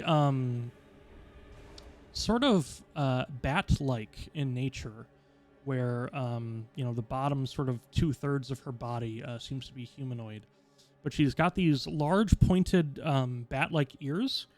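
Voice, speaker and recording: A man narrating a tabletop game as game master, describing scenes in a rambling way full of fillers. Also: medium pitch.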